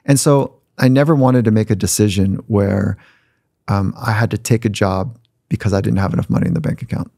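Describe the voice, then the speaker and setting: A middle-aged man, a podcast guest, candidly telling animated stories with some swearing. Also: fairly low pitch, brisk, vocal fry, dry recording, clean studio sound. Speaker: podcast guest, sport psychologist. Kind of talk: storytelling conversation.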